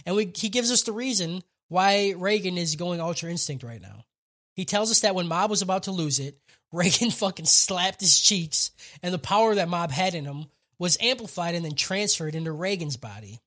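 Bright-voiced man, excited profane recap. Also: high-pitched, normal speed. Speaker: podcast co-host. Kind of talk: casual anime recap chat.

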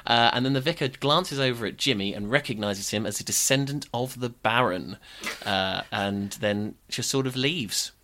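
A man's voice: mid-range voice, normal speed, sharp tone, slight background noise. A man from Norfolk, co-hosting a casual film-review podcast with a wry, dry recapping manner. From Norfolk, England. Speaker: podcast co-host.

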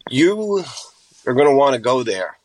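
A man's voice: medium pitch, big pitch swings, a little slow, no echo. A man calling in to a radio show, talking casually and enthusiastically.

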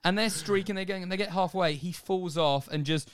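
A man from the UK, co-hosting a podcast, tells a story in a lively, laughing, jokey way. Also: high voice, brisk, clear, resonant tone, no echo, studio quality. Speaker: podcast co-host. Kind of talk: casual chat, animated storytelling.

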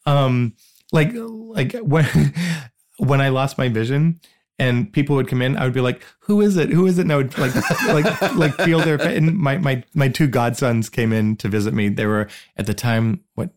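A middle-aged man chatting as a podcast guest, telling stories in a lively, self-mocking way. He stammers and repeats words as he goes, and his pitch sits in a middle range. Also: moderate pace. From Boston area. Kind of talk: casual storytelling chat.

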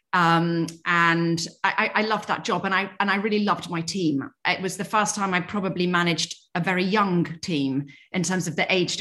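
A middle-aged woman with a light Yorkshire accent talks through an interview with a fairly low voice. She sounds earnest and measured, pausing on fillers and picking up her sentences again. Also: fairly bright tone. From England. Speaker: guest. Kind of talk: reflective interview conversation.

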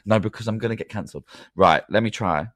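A man's voice: lowish voice, fast talker, a bit bright, no echo, studio quality. A man co-hosting a podcast, flustered and sweary. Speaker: podcast co-host. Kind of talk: casual chat.

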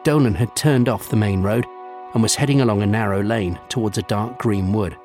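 A man narrating a children's storybook, savouring lists with gentle humour. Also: fairly low pitch, fairly quick, soft background music.

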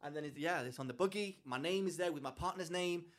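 British guy podcast host, slightly high voice, tells stories all animated, acts out what people said. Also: fast. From England. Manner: animated storyteller, acts out quoted people, frequent restarts. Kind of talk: casual chat, storytelling.

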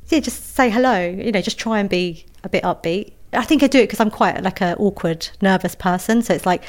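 A woman's voice: medium pitch, brisk. A woman, an author telling a story in a casual interview, chatty and self-deprecating with many restarts. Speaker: author guest.

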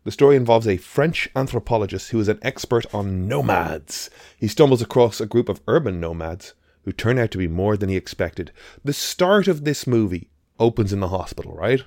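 Guy co-hosting a movie podcast, kinda low voice, dead dry mic, rambles and swears a bit. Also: animated, moderate pace, hardly any pauses, darkish tone, no echo. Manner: rambling, emphatic, swears casually. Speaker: podcast co-host. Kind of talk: casual film review chat.

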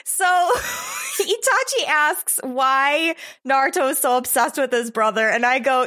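A woman co-hosting a casual podcast, quick to chime in with agreeing yeses. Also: high-pitched, very animated, pushed and bright. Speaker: podcast co-host. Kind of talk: casual chat.

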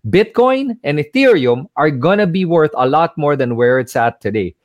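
A man's voice: a little high, lively intonation, normal speed, dry recording, muffled recording. A man as a guest in a casual chat, speaking with confidence and emphasis and acting out conversations as he tells a story. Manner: confident, emphatic, acts out dialogue. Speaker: guest, crypto investor.

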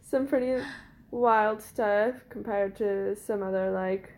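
A woman's voice: medium pitch, steady tone, takes it slowly. A young woman in college telling a story in casual chat, rambling and giggly with lots of fillers. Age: young adult.

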